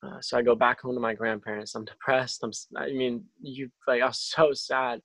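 Halting young man, flat dry delivery. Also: medium pitch, no room sound, poor audio. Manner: halting, with frequent restarts and fillers. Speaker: testimony speaker. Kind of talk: personal faith testimony. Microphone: video call.

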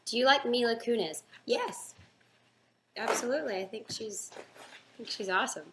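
A woman's voice: on the high side, lively intonation, a little slow, long pauses, a bit bright, a little hiss or hum. A young woman hosting a casual live fan chat, reading out questions and answering them in an upbeat, chatty way.

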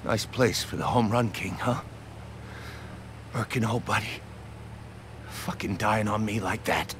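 A man's voice: lowish voice, measured pace, background noise, lightly acted. An actor playing a swaggering male assassin in a video game, delivering cocky, mocking taunts. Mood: mournful.

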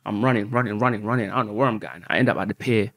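A man, a podcast guest telling a story in an animated way and swearing often. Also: fairly low pitch, very fast, no echo, studio quality.

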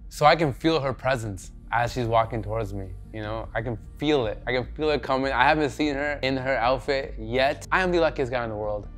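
A young man telling his story casually in a vlog, relaxed and slangy with bursts of excitement. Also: mid-range voice, a little fast, hardly any pauses, soft background music. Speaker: vlogger, groom.

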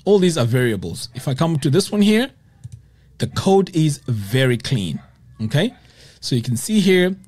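A man teaching web design as he walks through a screen-share software tutorial, explaining each step and checking in with "okay?" often. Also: medium pitch.

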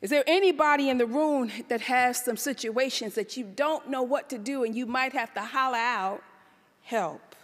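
A woman pastor preaching an animated sermon to a church congregation, full of rhetorical questions and sudden calls out. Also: sits high, a little fast, hardly any pauses. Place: church sanctuary. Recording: live church service in a reverberant hall.

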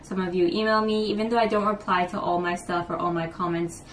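A woman's voice: on the low side, steady tone, quick pace. A young woman in her twenties chatting casually to camera as a vlogger, gushing and full of fillers, in a small apartment room. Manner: warm, gushing, many fillers and "like". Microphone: camera mic at a distance. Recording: roomy, distant mic, faint background hum.

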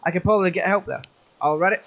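A man's voice: high-pitched, rapid-fire, vocal fry, fairly bright tone, lo-fi sound. A man hosting a let's play, chatting and joking as he goes. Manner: chatty, jokey, rambling. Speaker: gaming channel host.

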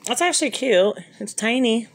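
A woman's voice: a little high, animated, normal speed. Chatty woman showing a haul. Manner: chatty, upbeat, reads off prices. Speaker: vlogger showing a shopping haul. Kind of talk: casual haul video chat. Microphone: handheld phone.

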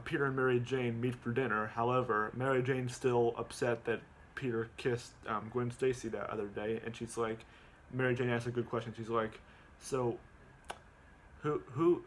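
A man's voice: mid-range voice, fairly bright tone, a little hiss or hum. A man casually recapping a movie at home, stumbling over his words with lots of ums and repeats.

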